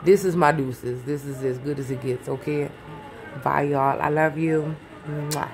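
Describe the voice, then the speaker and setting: A woman's voice: deep voice, fairly even intonation, a little slow, darkish tone. A woman vlogging from her garage into a phone, rambling and swearing, easily sidetracked and calling her viewers baby and y'all. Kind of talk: casual chat to camera. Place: home garage. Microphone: phone held close.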